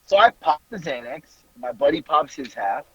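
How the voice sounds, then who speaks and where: Lively husky man telling a wild story. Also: on the high side, normal speed, no room sound, muffled recording. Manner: animated, laughing, swearing freely. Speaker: podcast host. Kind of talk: casual storytelling.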